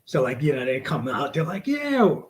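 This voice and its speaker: A man with a voice of middle pitch, spinning a profane story as a guest on a podcast. He talks casually and animatedly, acting out quotes and dropping into whispers for effect. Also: very animated, moderate pace.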